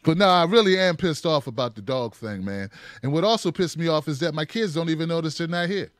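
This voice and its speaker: A man's voice: on the high side, lively intonation, brisk, no echo. A man hosting a political commentary show, talking in a punchy, sarcastic way with mocking asides.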